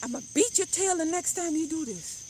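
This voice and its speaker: A woman's voice: extremely high pitch, lively intonation, a little fast, darkish tone, voice pushed up. A woman imitating a stern mother who scolds and threatens a crying child, over outdoor noise with crickets. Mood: scolding.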